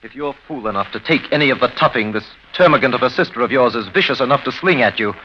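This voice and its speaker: A man playing a blunt, fast-talking husband. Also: medium pitch, animated, close to an everyday voice. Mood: angry. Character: exasperated husband, blunt, protective. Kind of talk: 1930s radio drama acting. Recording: dull old radio recording with faint hiss.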